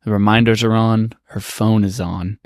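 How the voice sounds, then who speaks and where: A man co-hosting a podcast, listening with quiet murmurs and setting up questions. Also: lowish voice, fairly even intonation, no room sound, clean studio sound. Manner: quiet reactive murmurs, then quick setup questions. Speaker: podcast co-host. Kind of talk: interviewing, reacting.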